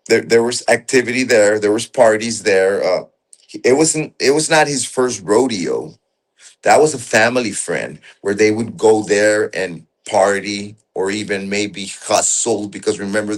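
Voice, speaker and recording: A man whose voice sits on the low side tells a story as a guest in casual conversation. His speech is rough and profane, and he often halts and restarts.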